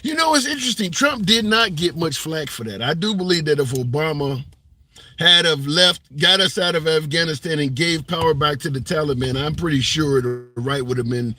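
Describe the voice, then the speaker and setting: A man's voice: fairly high pitch, moderate pace, sharp tone. A man hosting a political talk show, talking it over casually and hedging as he thinks aloud. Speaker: host.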